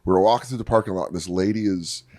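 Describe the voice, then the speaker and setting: A man's voice: low-pitched, very fast, mellow, dry recording, clean studio sound. A man co-hosting a podcast, telling stories in a rowdy, profane, laughing way. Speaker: podcast co-host. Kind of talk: casual chat.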